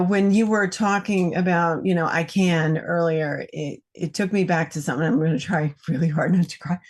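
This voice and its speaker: A woman calling in, sharing a personal story in an emotional, halting way with many fillers. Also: fairly low pitch. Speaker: caller. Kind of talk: casual chat.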